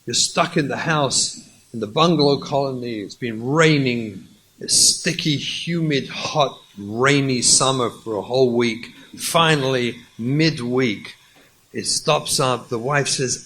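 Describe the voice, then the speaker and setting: A man's voice: medium pitch, slow, a bit bright, a little hiss or hum, rough recording. A man, a rabbi, giving a lecture and acting out stories, emphatic and repeating key points.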